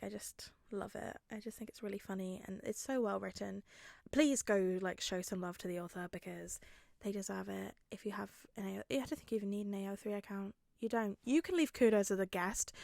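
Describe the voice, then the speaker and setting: A woman's voice: fairly high pitch, vocal fry, a little mellow, dry recording, clean studio sound. A chatty young woman rambling casually as the host of a fanfic reading, self-mocking and sometimes dropping to a whisper. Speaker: podfic reader.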